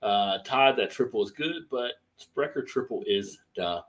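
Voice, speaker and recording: A man's voice: lowish voice, expressive, unhurried. A man hosting a casual beer live stream, chatting loosely and thanking viewers for their donations. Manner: laid-back, thanks viewers for super chats. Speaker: beer livestream host.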